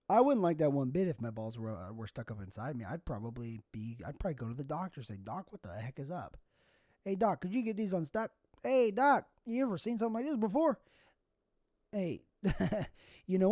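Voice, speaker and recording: A man's voice: medium pitch, dark tone, no echo, studio quality. A young man hosting a solo comedy podcast, rambling through goofy, absurd tangents. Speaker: podcast host.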